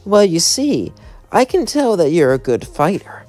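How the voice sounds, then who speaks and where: A flirty demon woman purrs her offers with a smirk in her voice, pitched well up. A man puts her on as he narrates the story. Soft music plays faintly underneath. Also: sing-song, a little slow. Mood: teasing. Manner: teasing, playful, smirking.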